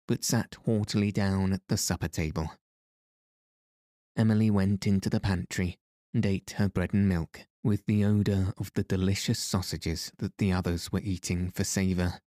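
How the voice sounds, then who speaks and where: A man narrating a novel as an audiobook in a measured, even reading voice. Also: low-pitched, dry recording, clean studio sound. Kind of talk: scripted narration.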